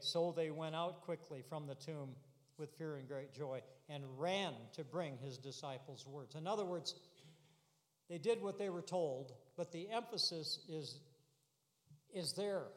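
A man preaching a sermon, earnest and building to emphatic, repeated declarations. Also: fairly high pitch. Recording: long reverb of a hall.

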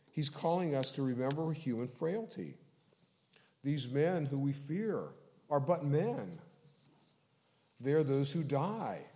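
A man preaching an expository sermon, explaining scripture in a measured way and slowing down to stress key phrases. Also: medium pitch, warm tone. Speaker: pastor.

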